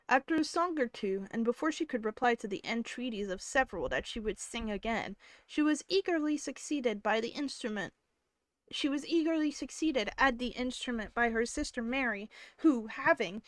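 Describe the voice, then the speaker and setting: A woman with a fairly high voice reads a classic novel aloud on a live stream, narrating in a steady, even way. She speaks close to the mic, and the sound is dry with almost no room echo. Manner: steady narration with casual asides. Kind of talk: live-stream book reading.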